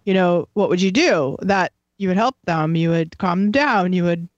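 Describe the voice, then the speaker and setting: A woman talks loosely and warmly, circling back often and filling pauses. She sounds like a psychic teacher chatting casually. The recording is dry and a little muffled. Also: on the low side, animated, dry recording. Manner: chatty, rambling, many fillers and restarts. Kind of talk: casual conversation. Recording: dry, slightly dull sound.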